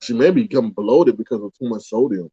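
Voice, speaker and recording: A man's voice: mid-range voice, fairly quick, slightly rough, no room sound. Indignant, rambling man, dull and muffled. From United States. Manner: animated and exclaiming, with indignant rhetorical questions. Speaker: livestream host reading chat. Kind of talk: casual rambling livestream chat.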